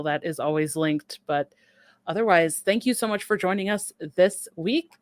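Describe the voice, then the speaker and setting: A woman's voice: low voice, a bit bright, no echo. A woman hosting a podcast, upbeat and gushing in casual chat, often laughing. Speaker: podcast host.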